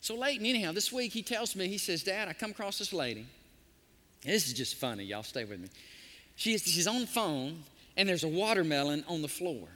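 Animated and a little fast, a man preaches as a pastor, narrating stories and imitating the voices of their characters. His pitch is high, and each phrase rings out with a long reverb tail.

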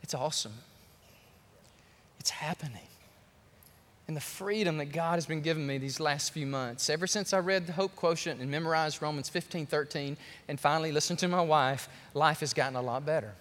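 A man preaching a sermon as pastor, animated and joking, speaking straight to his congregation. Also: on the high side, a little fast. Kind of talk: lively sermon. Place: large church sanctuary. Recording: long church hall reverb.

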